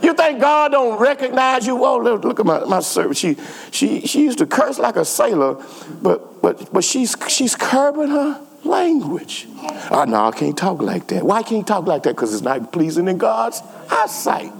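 High, animated preacher with gravelly voice. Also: male voice, normal speed. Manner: repetitive call-and-response preaching. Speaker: pastor. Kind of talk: sermon. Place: church sanctuary. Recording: long church reverb.

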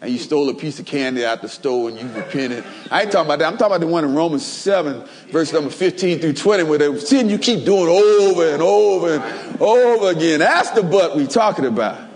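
A man delivers a lively, humorous sermon, drawing call-and-response from the pews. His voice sits high and leaps all over its range. A long hall reverb trails every phrase. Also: fairly quick, hardly any pauses. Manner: animated, call-and-response, plays jokey role examples. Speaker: preacher. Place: church.

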